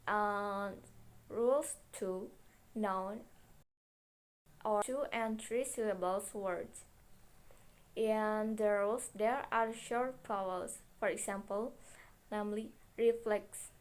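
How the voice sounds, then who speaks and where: Slow, careful young woman reading a lesson. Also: mid-range voice, poor audio. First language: Indonesian. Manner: slow, careful reading with repeated words and self-corrections. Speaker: student presenter. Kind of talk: reading a phonetics class presentation.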